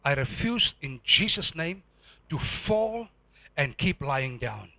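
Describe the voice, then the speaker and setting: A man preaching a sermon as pastor, animated and firing rhetorical questions at the congregation. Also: fairly high pitch, takes it slowly, gravelly, no room sound.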